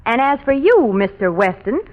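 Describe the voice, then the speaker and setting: A woman's voice: on the high side, sing-song, normal speed, a little hiss or hum. An actress playing a spirited young woman who talks back, in an old radio drama. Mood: indignant. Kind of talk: 1930s radio drama acting. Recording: muffled old radio recording.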